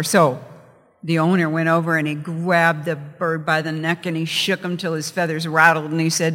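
A man's voice: sits high, brisk, pushed and bright, in a large hall. A man from California preaching a sermon, chatty and story-driven. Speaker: pastor. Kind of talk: sermon with a joke opener.

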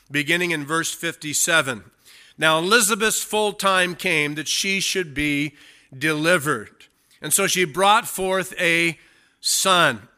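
A man delivers a sermon with a very bright, tense edge to his voice. He sits a little high in pitch for a man. He reads scripture aloud and leans on key lines by slowing down hard. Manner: emphatic, slows down to stress key phrases. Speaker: preacher. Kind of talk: sermon with Bible reading.

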